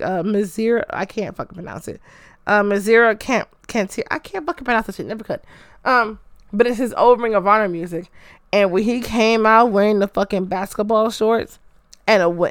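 A woman casually recapping a wrestling show from her bedroom, excitable, swearing freely and padding her talk with "uh". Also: medium pitch, clean tone, no room sound, clean studio sound. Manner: excitable, heavy swearing, filler "uh".

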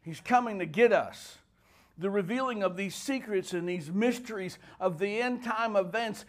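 High-voiced fervent preacher man. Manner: fervent preaching, rising to shouts. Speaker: pastor. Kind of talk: sermon.

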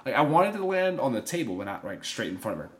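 Young male podcast co-host, mid-pitched voice, rambling storyteller full of fillers. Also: quick pace. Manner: animated storyteller, many fillers and restarts. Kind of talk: casual chat storytelling.

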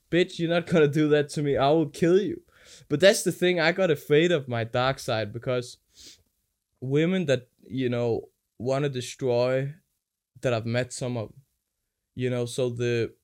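A man chatting casually with his brother, telling crude stories and preaching about forgiveness and inner life in a digressive way. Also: on the high side. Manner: animated, acts out quoted voices. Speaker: podcast guest, older brother. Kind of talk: casual rambling chat.

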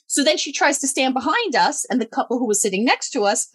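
Profane, animated woman telling a story. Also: high-pitched, fast, breathy edge, no room sound. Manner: animated, swears freely, laughs mid-story. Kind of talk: casual storytelling chat.

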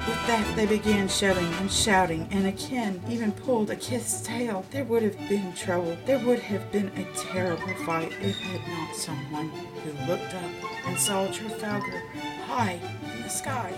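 A woman reading a children's story aloud in a gentle manner, often slowing to a soft hush. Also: mid-range voice. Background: background music.

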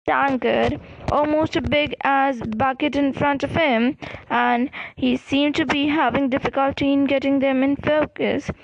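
Woman reading a storybook, high voice, slow and careful, dry close sound. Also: creaky, no echo, lo-fi sound. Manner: careful reading with small restarts on words. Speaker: audiobook reader. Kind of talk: storybook narration.

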